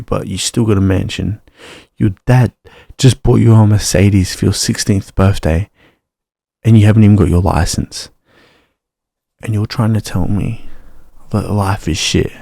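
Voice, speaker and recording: A man's voice: lowish voice, gravelly, dark tone, no echo, clean studio sound. A young man, swearing and ranting in a casual personal vlog. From Australia. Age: young adult. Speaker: vlogger.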